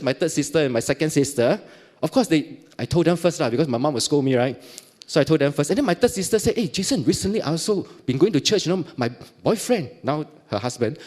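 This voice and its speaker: Singaporean man telling an animated testimony. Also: fairly high pitch. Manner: animated storytelling, acting out dialogue, frequent laughs. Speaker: church speaker giving testimony. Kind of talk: personal testimony in church.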